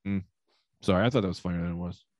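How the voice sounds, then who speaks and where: A man co-hosting a casual podcast chat, excitable and swearing as he pitches ideas. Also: racing, dry recording.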